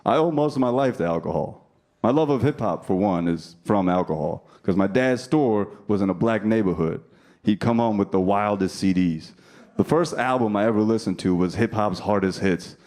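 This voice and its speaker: A man in his thirties performs stand-up on a club stage, brash and profane with the crowd, his fairly low, darkish voice lively in intonation at normal speed. Audience laughter and noise come through the live club sound.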